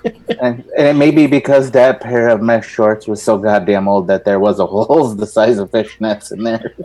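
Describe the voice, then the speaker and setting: A man's voice: fairly low pitch, steady tone, normal speed, mellow, rough recording. A man hosting a casual live group chat, telling profane, jokey stories. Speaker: host of a live vaping show.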